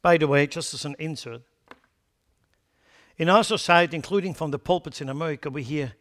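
A man preaching a sermon emphatically, swinging between loud declarations and quiet asides, blunt and scornful toward foolish ideas. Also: a little high, brisk, long pauses.

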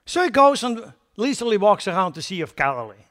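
Talking fast in a high-pitched, very animated voice, a man delivers an emphatic sermon. He goes from loud declarations to soft asides, openly scornful and blunt about foolish ideas.

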